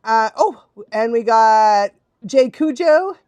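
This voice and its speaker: Animated, laughing woman streamer. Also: moderate pace, no room sound, clean studio sound. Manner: animated, laughs often, acts out quotes in high voices. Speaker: dog trainer and livestream host. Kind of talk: casual livestream Q&A chat.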